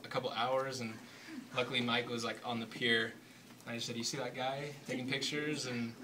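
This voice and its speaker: A young man telling a story casually to an audience, relaxed and chatty with nervous laughs. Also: mid-range voice, normal speed, recorded from a distance, a little hiss or hum, rough recording. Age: young adult. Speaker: newly engaged college student.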